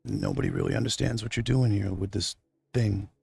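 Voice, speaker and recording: A man's voice: lowish voice, steady tone, a little fast, vocal fry, a little mellow, breathy edge, dry recording, soft background music. A middle-aged man hosting an unscripted livestream. He rambles heartfelt and close to tears, and speaks straight to his absent wife. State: near tears. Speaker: livestream host. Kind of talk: unscripted emotional monologue.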